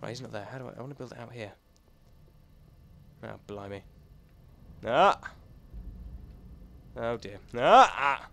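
A young man talking to himself as he plays a video game, rambling and excitable, thinking aloud as he goes. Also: mid-range voice, a little slow, vocal fry, pauses often, soft background music. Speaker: gaming YouTuber. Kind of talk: let's play commentary.

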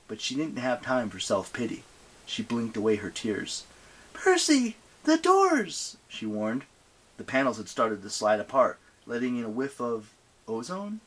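Male audiobook narrator, husky, middle pitch, expressive read. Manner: expressive reading.

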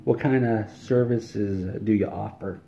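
A curt, lazy middle-aged game developer gives flat, terse answers, voiced by a man. The voice is low and slow. The recording is slightly muffled, with faint hiss behind it. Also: vocal fry.

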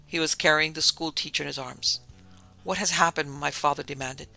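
A man narrating a spooky tale in a measured storytelling manner. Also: on the high side, flat delivery, vocal fry, pushed and bright, faint music behind, rough recording. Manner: storytelling, measured, dramatic dips.

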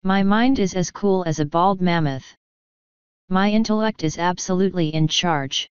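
A woman voicing an angry, pompous male wizard who snarls and forces himself to sound calm. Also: lowish voice, moderate pace, smooth, no room sound, highs cut off, lightly acted. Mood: seething.

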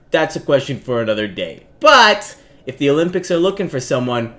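A young man talks his way through a game in a bright, forceful voice that swings widely in pitch. He jokes at his own expense, mutters low to himself, then breaks into yelling whenever something startles him. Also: big pitch swings, fairly quick. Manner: jokey, self-mocking, bursts into yelling when startled. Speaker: gaming youtuber. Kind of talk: let's play commentary.

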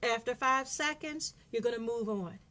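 Woman, middle-aged, blogger, motivational monologue, emphatic, repeats phrases, slightly high voice. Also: normal speed, pushed and bright.

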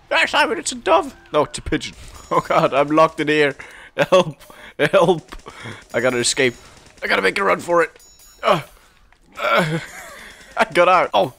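A young man giving casual, excitable commentary while playing a game, laughing often and calling out to the other players. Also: fairly high pitch, creaky. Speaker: gameplay commentator.

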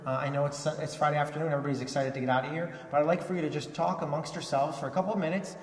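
A man's voice: on the high side, steady tone, rapid-fire. A man giving an enthusiastic conference keynote, often restarting and repeating words. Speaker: keynote speaker. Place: large conference hall. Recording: echoey hall from far off.

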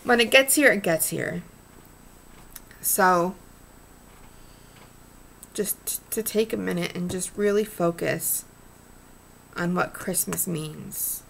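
Woman, middle-aged, earnest rambling vlog talk, gravelly, faint background noise. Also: on the low side. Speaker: vlogger. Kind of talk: casual heartfelt vlog rant.

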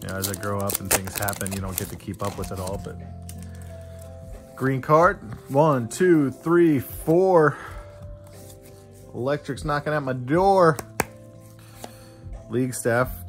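A middle-aged man casually chatting as he opens trading card packs and reads out each card name. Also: lowish voice. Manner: chatty, reads card names aloud in lists. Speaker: card unboxing host. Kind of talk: casual unboxing commentary. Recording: music playing behind.

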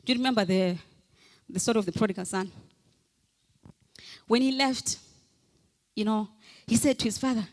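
A woman's voice: on the high side, normal speed, long pauses, darkish tone. A woman pastor preaching a fervent sermon, calling out repeated hallelujahs and leading the congregation in declarations. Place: church hall. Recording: long hall reverb from a church.

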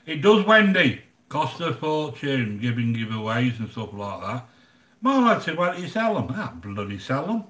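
Older English man, casual live-stream chatter, blunt and joking, mid pitch, echoey room. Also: sing-song, normal speed, a bit bright. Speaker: livestream cooking channel host. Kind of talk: casual live chat with viewers.

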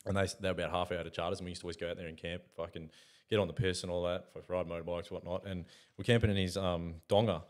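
A man's voice: low voice, little pitch movement, racing. A young Australian man co-hosting a podcast, telling stories in a casual chat, swearing and laughing often. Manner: swears a lot, laughs often, acts out mates' voices in stories. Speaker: podcast co-host.

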